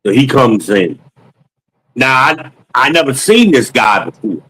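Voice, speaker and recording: A man's voice: mid-range voice, very animated, a little slow, bright, forceful tone, a little hiss or hum, poor audio. Casual man telling a long sales story. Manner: loose, conversational, slangy, with many ums and quoted dialogue.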